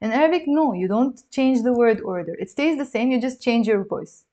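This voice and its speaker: A woman with a Lebanese accent teaching a language lesson, lively and encouraging, repeating words slowly for her learners. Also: on the high side. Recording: slightly dull lo-fi sound.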